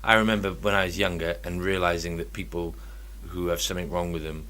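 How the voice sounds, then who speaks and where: A man's voice: sits low, flat delivery, quick pace, sharp tone, slight background noise. A man co-hosting a casual chat podcast, talking in a wry, teasing, joking way. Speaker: podcast co-host.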